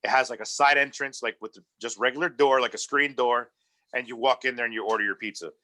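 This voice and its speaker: Podcast guest from New Jersey, male, bright forceful voice, loose rambling delivery. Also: mid-range voice, steady tone, fast. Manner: rambling, repeats "like I said", swears casually. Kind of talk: casual chat.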